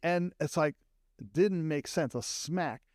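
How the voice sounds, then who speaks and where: Calm middle-aged man co-host. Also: a little high, measured pace, dry recording, studio quality. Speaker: co-host, therapist. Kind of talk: casual storytelling chat.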